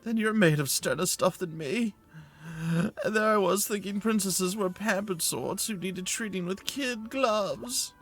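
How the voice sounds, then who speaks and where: Brief: cheeky young woman adventurer, high and lively, played by a man. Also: unhurried, soft background music, heavily acted. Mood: teasing. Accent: put-on British-style accent.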